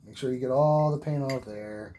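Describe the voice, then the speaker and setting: In a mid-range, dark-toned voice at normal speed, a painting instructor explains every oil stroke as he paints, encouraging and repeating himself. He sometimes drifts away from the mic, and faint noise runs in the background.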